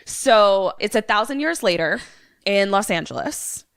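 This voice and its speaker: A woman co-hosting a podcast who recaps a movie in casual chat, animated and swearing now and then. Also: mid-range voice, unhurried, vocal fry, clear, resonant tone, no room sound, clean studio sound. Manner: animated storyteller, swears casually, acts out lines. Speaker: podcast co-host.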